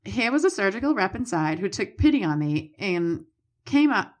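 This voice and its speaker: A woman's voice: medium pitch, big pitch swings, normal speed. A woman with a Boston accent, co-hosting a podcast and reading listener letters aloud in a plain, matter-of-fact way. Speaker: podcast co-host.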